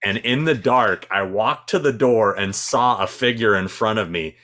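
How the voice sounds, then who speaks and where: A man co-hosting a casual live chat, telling stories in an animated way and laughing easily. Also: on the low side, moderate pace. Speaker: co-host.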